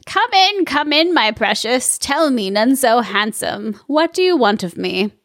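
A woman's voice: on the high side, sing-song, a little slow, fairly bright tone, dry recording, studio quality, exaggerated voice. A woman voicing a sly, menacing old witch in a comic storybook reading, drawing out her taunts. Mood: gloating.

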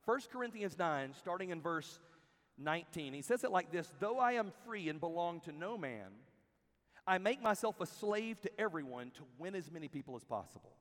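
A man preaching a sermon to a crowd in a large hall, telling stories in an animated way and acting out the people he quotes. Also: high voice, normal speed. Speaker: camp speaker. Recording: long hall reverb.

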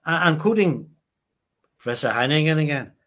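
A man giving an earnest, measured interview answer as a guest. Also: fairly high pitch, lively intonation, a bit bright.

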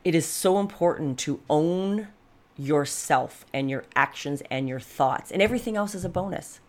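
A woman's voice: low voice, moderate pace. A woman in her fifties giving a frank, reflective personal monologue as a life coach, speaking directly to her viewers. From Canada. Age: 50s. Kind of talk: candid personal monologue to camera.

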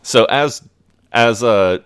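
A man's voice: mid-range voice, takes it slowly, a bit bright, clean tone. A man co-hosting a podcast, recapping a TV episode in a laid-back, amused way and swearing freely. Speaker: podcast co-host.

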